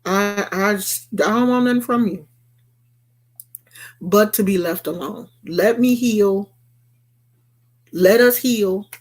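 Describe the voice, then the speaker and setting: A woman's voice: mid-range voice, slow, long pauses. A woman vlogger delivering a blunt, repetitive rant to her viewers. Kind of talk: emphatic rant to camera.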